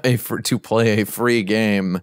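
A man co-hosting a podcast, telling stories in casual chat with animated, teasing exaggeration. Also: lowish voice, a little slow, no room sound, studio quality. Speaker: podcast co-host.

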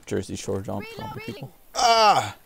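Male gamer, mid pitch, gravelly and excitable, casual commentary over audible background noise. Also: normal speed. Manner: excitable, frequent yelps and exclamations. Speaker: gameplay commentator. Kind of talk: casual let's-play commentary.

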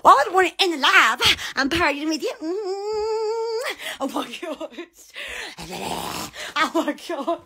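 A woman's voice: extremely high pitch, sing-song, slow, pushed and bright. A woman with a Southern American accent, rambling on a phone live stream, giddy and exclamatory, breaking into squeals and laughter. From Alabama. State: sweating in the heat. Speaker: social media live streamer. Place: hot room at home.

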